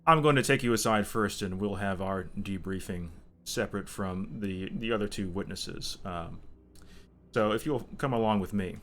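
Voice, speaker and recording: A man voicing a smooth, formal male government agent who speaks in a polite, clipped, official way. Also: on the low side, moderate pace, fairly bright tone, a little hiss or hum, natural voice.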